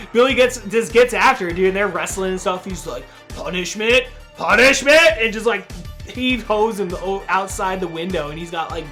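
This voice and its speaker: A man's voice: high voice, fairly bright tone, soft background music. Laid-back, foul-mouthed man recapping a film. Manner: rambling, profane, laid-back, peppered with "dude" and quick acted-out quotes. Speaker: podcast host reviewing a horror film. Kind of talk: casual movie recap chat.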